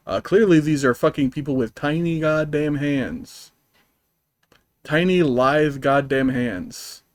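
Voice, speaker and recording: A man's voice: on the high side, unhurried, a little mellow, dry recording. A man streaming a video game, ranting profanely and rambling with lots of fillers and restarts. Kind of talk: live-streamed gameplay commentary.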